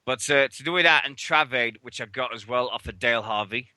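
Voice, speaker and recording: Very bright-voiced radio host. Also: male voice, mid-range voice, a little fast, no echo. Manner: chatty, sweary, acts out others' lines. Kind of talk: casual chat radio storytelling.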